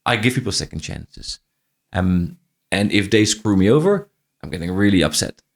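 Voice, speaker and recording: Middle-aged man, non-native english, faint irish-tinged accent, lowish voice, repeats himself, casual interview. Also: sing-song, moderate pace, gravelly. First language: not English. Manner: restarts often, repeats phrases, laughs as he tells stories. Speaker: podcast guest, franchise CEO.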